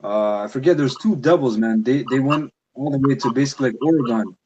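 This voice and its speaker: A man talking in a heated, animated way through a casual religious discussion, tacking "man" onto his sentences as he goes. His voice sits at a middling pitch. A clear hiss of noise and some clicks run under the recording. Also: fairly quick, dull audio.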